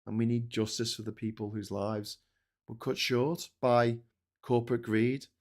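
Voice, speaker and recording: A man's voice: medium pitch, flat delivery, a little slow. A middle-aged man hosting a daily political news show, talking in a blunt, sarcastic, sweary ranting style with many fillers and restarts. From Britain. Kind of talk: casual ranting commentary.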